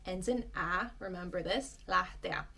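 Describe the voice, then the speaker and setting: A young adult woman teaching a language lesson, explaining patiently and repeating example words clearly. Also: on the low side, measured pace, pushed and bright.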